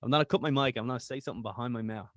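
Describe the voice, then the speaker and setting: Laughing Irish podcast guest. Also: male voice, medium pitch, rapid-fire, a bit bright, dry recording. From Ireland. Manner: jokey and profane, laughs often. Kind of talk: casual podcast chat. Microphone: video call.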